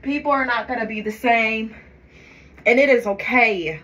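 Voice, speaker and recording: A woman vlogging to her phone camera, talking in a forceful, preachy, emphatic way about faith. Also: a little high, normal speed. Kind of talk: faith-filled get-ready-with-me vlog.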